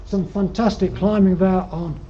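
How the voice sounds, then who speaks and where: An older man with a Yorkshire accent spins dry, humorous anecdotes from his slides, pausing often on ums. His voice sits fairly high for a man but sounds mellow and dark. The recording is dull and lo-fi, with faint noise underneath. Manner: rambling, dryly humorous, frequent ums. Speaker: guest speaker at alpine club. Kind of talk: anecdotal slide-show talk. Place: lecture room.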